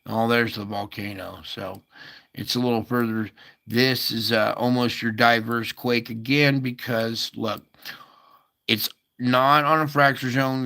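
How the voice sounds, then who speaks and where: A man's voice: mid-range voice, unhurried, vocal fry, bright, forceful tone. A man hosting a casual earthquake update, thinking aloud over maps with many fillers and asides. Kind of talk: casual screen-share commentary.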